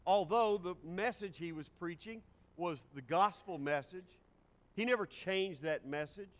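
Pastor preaching in a reverberant church. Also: male voice, high voice. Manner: varies pace and volume for emphasis. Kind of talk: sermon. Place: church sanctuary. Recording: long hall reverb.

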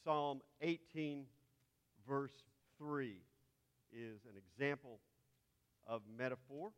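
A man's voice: mid-range voice, takes it slowly, clean tone, dull audio. Man lecturing in a reverberant hall. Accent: Texan. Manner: spells out terms letter by letter. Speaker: Bible teacher. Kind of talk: classroom lecture.

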